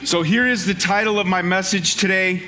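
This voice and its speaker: A man preaching an energetic sermon to a live congregation, emphatic and joking, sometimes shouting a point. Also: sits high, normal speed, faint music behind. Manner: animated, emphatic, shouts for emphasis, jokes with the audience. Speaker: pastor. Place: church hall with a live congregation.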